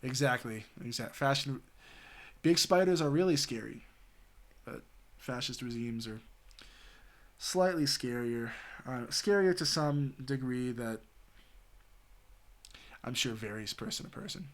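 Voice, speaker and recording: A male streamer from the Southwestern United States chats casually and meanders, full of filler like "you know" and "like," and he swears freely. His mid-range voice is expressive and a little slow, with long pauses.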